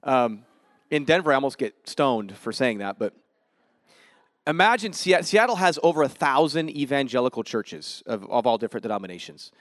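A man, a visiting missionary, telling a story to a church congregation in a quick, lively way and acting out the dialogue. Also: medium pitch, no room sound, clean studio sound. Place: church service.

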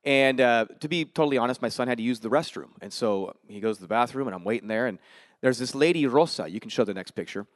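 A man, a visiting missionary, telling a story to a church congregation in a quick, lively way and acting out the dialogue. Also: mid-range voice, no room sound, studio quality. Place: church service.

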